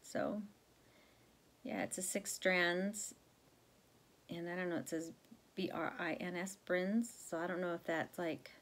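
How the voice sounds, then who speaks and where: Chatty woman, lowish voice. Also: steady tone, measured pace, pauses often. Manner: chatty, rambling, many fillers and self-corrections. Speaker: cross-stitch vlogger. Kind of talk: casual chat to viewers.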